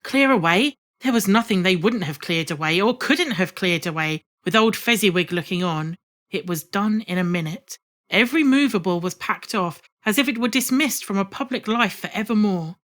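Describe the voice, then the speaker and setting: Woman audiobook narrator, measured and expressive classic storytelling. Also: medium pitch. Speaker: audiobook reader. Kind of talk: scripted narration of a classic novel.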